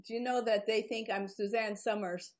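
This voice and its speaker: A woman's voice: mid-range voice, fairly even intonation, normal speed. Chatty woman interview host. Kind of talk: casual interview.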